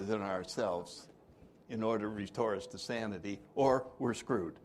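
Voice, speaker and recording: A man's voice: lowish voice, moderate pace, a little mellow, slight background noise. A man leading a twelve-step recovery workshop, joking with the room and acting out the people he quotes. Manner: jokey, acts out quoted voices, laughs often.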